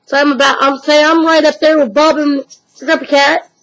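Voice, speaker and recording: A young woman from the United States chatting casually to her webcam at home about her pet dogs, rambling and now and then slipping into squeaky baby talk. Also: level tone, normal speed, fairly bright tone, low-quality recording. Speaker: pet owner vlogger. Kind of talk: casual chat to camera.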